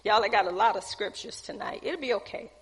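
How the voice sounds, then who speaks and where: A woman's voice: mid-range voice, a little fast, slightly rough. A woman preacher delivering a sermon, putting questions to the congregation and dropping casual asides. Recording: long hall reverb.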